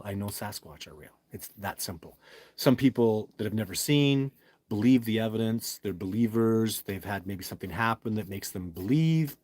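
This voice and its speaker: A man's voice: lowish voice, a little mellow. A man hosting a casual livestream, rambling with restarts as he reads viewer comments and answers in an emphatic, certain way. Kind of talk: casual live chat.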